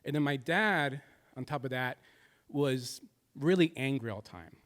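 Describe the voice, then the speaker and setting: A man's voice: medium pitch, measured pace, a bit bright. A man in his thirties telling a personal stand-up story, confessional and shifting between jokes and somber moments. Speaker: stand-up comedian.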